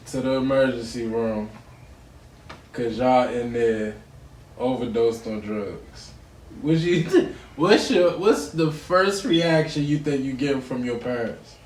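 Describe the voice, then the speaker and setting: Male co-host, unhurried and relaxed, recorded far from the mic in a roomy space. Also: medium pitch. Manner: laid-back, asks the group questions. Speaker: reaction channel co-host. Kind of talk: casual reaction chat.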